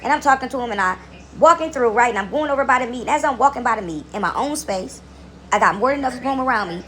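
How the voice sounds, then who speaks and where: A woman's voice: a little high, expressive, quick pace, pushed and bright. A woman telling a long, rambling story to her camera from her couch at home, repeating words and checking in with "right?" as she goes. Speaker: vlogger.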